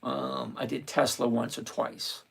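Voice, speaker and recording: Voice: mid-range voice, flat delivery, a little slow, creaky, fairly bright tone, breathy edge. A livestream host chatting casually about covered calls, joking and greeting viewers by name. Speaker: livestream host on stock options. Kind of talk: casual live chat, reading viewer names.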